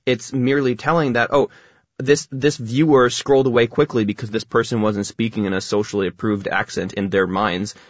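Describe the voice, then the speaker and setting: Guy talking quick, explains stuff, kinda husky, dull dry audio. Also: mid-range voice, steady tone, no room sound. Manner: fast talker, explains at length. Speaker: guest on radio interview. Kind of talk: casual explanatory chat.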